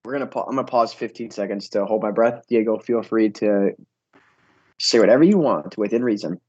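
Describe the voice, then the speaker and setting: A man's voice: fairly low pitch, fairly quick, a little mellow, muffled recording. A man co-hosting a casual baseball watch-party stream, rambling and filling his talk with "like". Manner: rambling, heavy use of "like". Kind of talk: casual chat.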